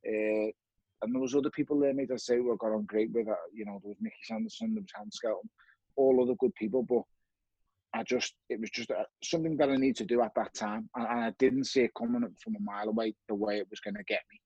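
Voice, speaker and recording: A man's voice: medium pitch, quick pace, dark tone, husky, no echo, dull audio. A man, a former boxer, telling his story as a guest with blunt, frequent swearing and acted-out dialogue. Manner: blunt, swears often, acts out remembered dialogue. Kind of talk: candid conversational storytelling.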